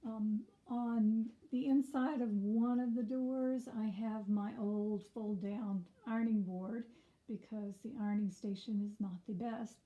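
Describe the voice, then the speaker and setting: Slightly hoarse woman giving a relaxed tour. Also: a little high, lo-fi sound. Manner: relaxed and chatty, with frequent ums. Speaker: quilter giving a sewing room tour. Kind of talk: casual room tour.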